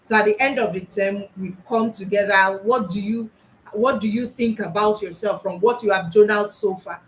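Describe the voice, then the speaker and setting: A woman's voice: medium pitch, steady tone, moderate pace, slight background noise, low-quality recording. A woman school psychologist, talking earnestly to teachers about classroom practice, often restarting and repeating her points.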